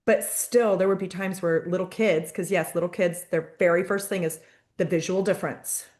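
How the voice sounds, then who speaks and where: A woman's voice: on the low side, moderate pace. A woman moderating a casual parent conversation, telling stories and acting out the voices of kids and parents. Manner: lively storyteller who acts out quoted voices. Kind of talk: casual chat on a video call.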